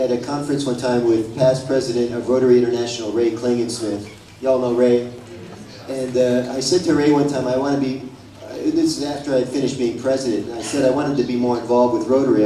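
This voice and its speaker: A man's voice: medium pitch, dark tone, distant mic, a little hiss or hum. Chatty man storytelling in an echoey hall. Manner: chatty, storytelling, many restarts. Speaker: panelist, Rotary district governor. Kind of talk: conference panel answer. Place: large conference hall.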